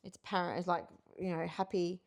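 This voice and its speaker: A woman's voice: fairly low pitch, level tone, moderate pace, vocal fry. A middle-aged woman co-hosting a casual couples podcast, talking frankly and reflectively with many fillers. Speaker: podcast co-host.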